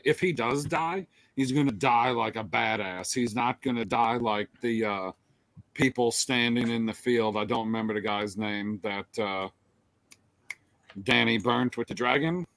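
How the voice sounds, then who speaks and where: A man's voice: mid-range voice, measured pace, fairly bright tone, dry recording. A man co-hosting a casual chat show, teasing and joking with his co-hosts. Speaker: co-host.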